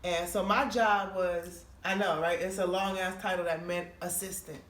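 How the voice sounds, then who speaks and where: A woman's voice: fairly low pitch, moderate pace. A woman comedian telling a long, profane story on a podcast, acting out the people in it. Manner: animated, profane storytelling with quoted voices. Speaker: comedian guest. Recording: roomy, distant mic with faint noise.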